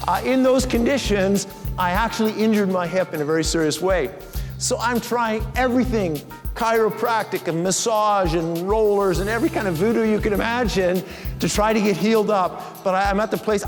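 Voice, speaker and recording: A middle-aged man telling a story as a motivational keynote speaker and acting out the lines he quotes. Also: sits high. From Canada. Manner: animated, acts out the lines he quotes. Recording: reverberant hall with faint music.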